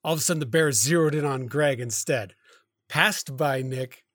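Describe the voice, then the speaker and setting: A man co-hosting a podcast, retelling a story in a rambling, halting way full of fillers and self-corrections. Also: mid-range voice, fairly bright tone, no room sound, studio quality. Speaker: podcast co-host. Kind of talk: casual storytelling chat.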